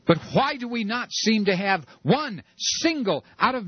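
A man's voice: sits high, big pitch swings, a little slow, hardly any pauses, husky, no echo, muffled recording. A man hosting a political talk radio show, ranting with stammered repeats.

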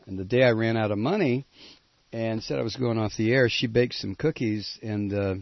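Gravelly radio host guy, blunt, cracks jokes, dull broadcast audio. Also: fairly low pitch, dry recording. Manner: blunt, joking, wraps up calls briskly. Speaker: radio talk show host. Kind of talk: call-in talk radio. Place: radio studio.

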